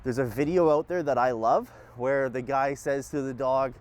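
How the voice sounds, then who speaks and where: A man giving casual dog-training instruction outdoors on a walk with his dog, shifting between upbeat and calm and giving short commands. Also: mid-range voice, moderate pace.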